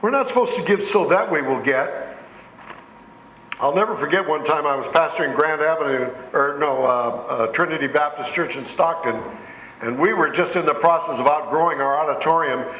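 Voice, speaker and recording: A man pastor delivering a sermon, his voice pitched a little high and carrying around an echoey church sanctuary. He tells homespun stories and rises in emphasis when he quotes scripture. A faint room hum sits behind him. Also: normal speed, fairly bright tone. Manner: folksy storytelling with rising emphasis on scripture.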